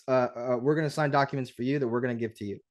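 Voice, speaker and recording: A man coaching an audience on a livestream. He talks in an animated, conversational way, restarting sentences and tagging on "right?". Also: medium pitch, rapid-fire. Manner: animated, conversational, acts out dialogues; frequent restarts and rhetorical "right?". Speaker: real estate investing coach. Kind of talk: livestream teaching talk.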